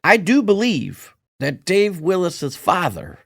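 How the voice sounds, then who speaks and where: A man chatting on a podcast with a slightly high voice that swoops up and down with lively expression. He jokes and riffs readily, heard close and dry with no room sound. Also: gravelly, no echo. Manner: animated, quick to joke and riff. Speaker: podcast co-host. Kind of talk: casual chat.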